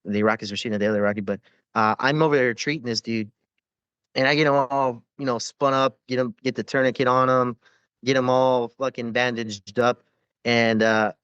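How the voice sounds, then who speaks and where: A man's voice: mid-range voice, steady tone, fairly quick, fairly bright tone, smooth, no room sound, lo-fi sound. A man, a former Navy corpsman, telling rambling war stories with lots of swearing and fillers in a casual podcast interview.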